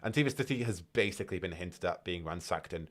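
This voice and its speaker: A man from the north of England with a Northern English accent, hosting a live reaction stream in excitable, speculative casual chat. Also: low-pitched. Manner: excitable, speculative, quick to laugh.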